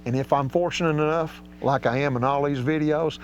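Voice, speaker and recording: A man's voice: on the high side, steady tone, fairly quick, soft background music. A man teaching duck calling in a folksy, drawling way. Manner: folksy and drawling, with casual grammar. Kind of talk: outdoor hunting instruction. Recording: slightly dull audio with faint hum.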